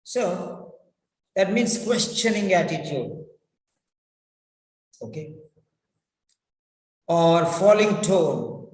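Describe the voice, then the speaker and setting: Slow high-voiced man teaching. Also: lively intonation. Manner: slow, repetitive, acts out example phrases. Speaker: English speaking teacher. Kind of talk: classroom lecture. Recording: echoey room with long reverb.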